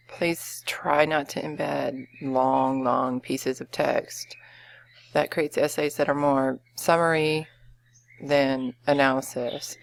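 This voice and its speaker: Woman teacher, low voice, gravelly fry, explanatory, step-by-step lesson. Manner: explanatory, with frequent fillers and okays. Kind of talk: classroom lesson walkthrough.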